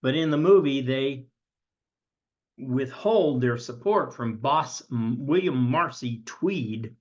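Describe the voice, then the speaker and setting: A man's voice: medium pitch, expressive, slow pace, muffled recording. Man giving a recorded history lesson. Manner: conversational, reads from a textbook with asides. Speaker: history teacher and author.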